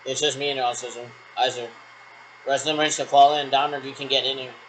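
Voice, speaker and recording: A man's voice: mid-range voice, level tone, quick pace, a bit bright, poor audio. Guy rambling thru radio checks, lots of military radio talk, faint hiss under it. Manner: military radio jargon, repetitive and meandering.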